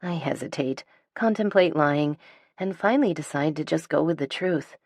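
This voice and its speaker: A woman reading a romantic suspense audiobook in the first person, with a dry, sardonic, measured delivery close to the microphone. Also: deep voice, a little mellow, no room sound. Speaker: audiobook narrator.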